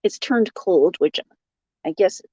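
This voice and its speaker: A woman's voice: on the low side, slow pace, a little mellow, no room sound. A woman hosting a casual crochet livestream, chatting and laughing as she greets viewers by name and reads their comments. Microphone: phone. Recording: dull lo-fi sound.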